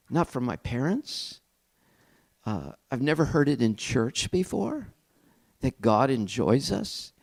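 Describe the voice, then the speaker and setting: A man's voice: medium pitch, big pitch swings, slow, vocal fry. Reflective man telling his story. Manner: reflective storytelling, candid and self-deprecating. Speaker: pastor. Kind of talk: personal testimony talk.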